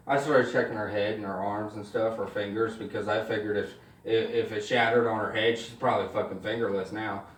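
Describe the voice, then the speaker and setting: A man telling stand-up stories in an animated, swearing style, acting out the people in them. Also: on the low side, moderate pace, hardly any pauses, roomy sound, distant mic. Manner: animated, swears freely, acts out voices. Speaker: stand-up comedian. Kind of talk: stand-up storytelling.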